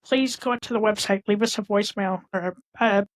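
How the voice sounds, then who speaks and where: A woman's voice: medium pitch, a little fast. A woman co-hosting a podcast, speaking in a sincere, appreciative way with some fillers. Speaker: podcast co-host. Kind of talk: heartfelt podcast conversation.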